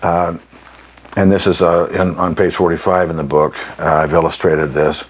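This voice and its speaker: A man teaching jazz articulation in a plain-spoken, emphatic way. He often clears his throat and scats rhythms to show a point. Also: sits low, level tone, normal speed, low-quality recording. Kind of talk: instructional demonstration.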